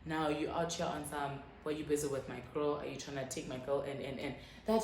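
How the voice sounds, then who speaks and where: A young South African woman telling a personal story in a casual, animated way, with frequent swearing and quick quoted lines. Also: deep voice, roomy sound, slight background noise, poor audio. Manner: animated, swearing, quoting others in quick bursts. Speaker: YouTuber.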